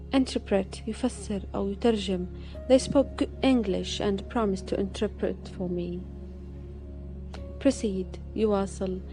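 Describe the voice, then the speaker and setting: Mellow-voiced woman reading vocabulary slowly. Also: medium pitch. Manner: slow, measured reading, one word at a time. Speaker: English vocabulary teacher. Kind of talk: reading a vocabulary list with example sentences.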